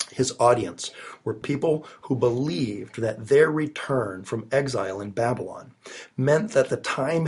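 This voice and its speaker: A man's voice: medium pitch, a little mellow, husky. A man preaching a sermon, recorded alone in his study while he has a cold, earnest and emphatic with rising stresses. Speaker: pastor.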